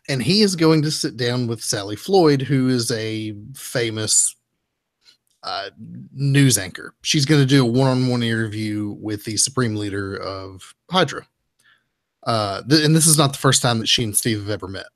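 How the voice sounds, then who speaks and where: A man's voice: medium pitch, fairly bright tone, no room sound, studio quality. A man hosting a casual comic book podcast, recapping stories in a rambling, easygoing way with frequent restarts. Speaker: podcast host.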